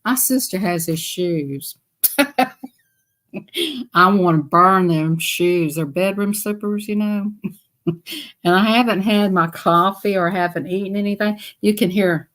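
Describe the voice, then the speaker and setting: A woman's voice: mid-range voice, fairly even intonation, a little slow, long pauses, a bit bright. A woman with a Southern US accent chatting casually on a live stream, telling stories to her viewers and laughing often.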